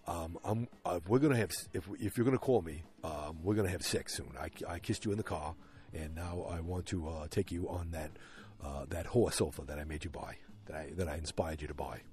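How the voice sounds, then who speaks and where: A man voicing a smug suitor who speaks haltingly. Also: low-pitched, darkish tone, voice pushed down, natural voice. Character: smug man courting a married woman.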